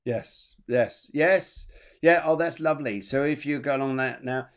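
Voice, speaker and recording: A man's voice: mid-range voice, measured pace, clean tone. A man hosting a live online psychic show, giving readings and chatting about viewer messages in a rambling way with many fillers. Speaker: medium and show host.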